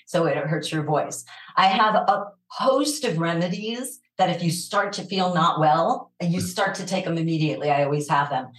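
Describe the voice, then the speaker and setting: A woman from New York City speaks with a low, raspy voice and a New York accent. She chats with animated energy and frequent laughter, her voice sitting on the deep side. The room around her is noticeably echoey. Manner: animated, laughs often, quick asides. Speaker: voiceover actor, guest. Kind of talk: casual interview chat.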